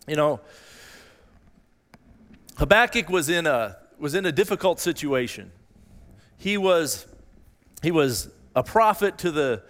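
A man preaching a sermon as pastor, earnest and given to repeating phrases, rising in pitch when he voices a desperate plea. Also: a bit bright. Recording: long reverb in a large hall.

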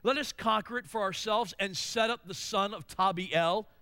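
A male pastor preaching a sermon, swinging between loud emphatic declarations and hushed asides. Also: sits high, moderate pace, smooth, no room sound.

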